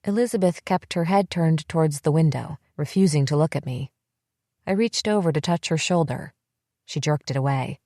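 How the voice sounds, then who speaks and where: Woman reading a dark thriller audiobook, lowish voice, dead dry booth sound, tense and measured. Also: no room sound. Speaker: audiobook narrator. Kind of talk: scripted first-person thriller narration.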